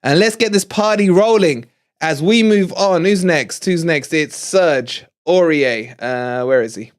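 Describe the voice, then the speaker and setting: A middle-aged English man, slightly high-voiced and a bit slow, runs a live match review on a fan channel. He's excitable and gloating, out of breath as he talks with his viewers.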